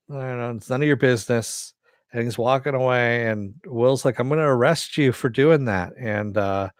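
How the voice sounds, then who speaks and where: A man's voice: lowish voice, no echo, clean studio sound. Rambling man recapping a TV episode. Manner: rambling, many fillers and restarts; casual, swears freely. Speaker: TV episode reviewer. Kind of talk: casual spoken recap.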